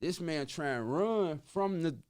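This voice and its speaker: A man, his voice a bit higher than most men's. He spins a story in loose street slang and punctuates it with vocal sound effects. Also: lively intonation, unhurried, a little mellow, clear, resonant tone. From Chicago. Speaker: podcast guest. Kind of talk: casual storytelling.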